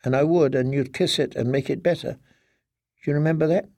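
A man's voice: a little high, fairly even intonation, moderate pace, darkish tone, dry recording, lightly acted. A man voicing a frightened grown daughter in an audiobook, speaking in a pleading, tremulous way. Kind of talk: audiobook character voice.

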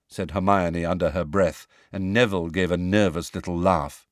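A man reading a storybook aloud as an audiobook narrator, in an expressive, measured style on a close mic. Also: low voice, no room sound.

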